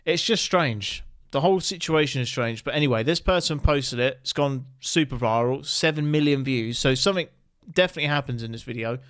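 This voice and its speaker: A man's voice: mid-range voice, brisk, no room sound, studio quality. A man, the host, giving casual joking commentary on videos. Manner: joking, chatty, animated asides.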